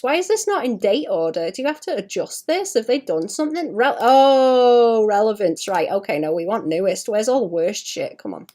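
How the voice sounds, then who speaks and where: A woman's voice: mid-range voice, very animated, moderate pace, darkish tone. A woman in her late twenties, an artist chatting casually on a livestream while drawing, swearing freely and laughing at herself. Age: late 20s.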